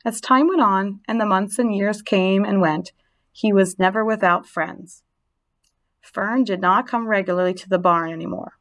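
A woman narrating a storybook reading aloud, gentle and expressive. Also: mid-range voice, moderate pace.

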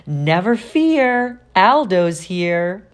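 Hearty, friendly janitor, loud and jolly, done by a woman. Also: big pitch swings, normal speed. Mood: boisterous. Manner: hearty, booming.

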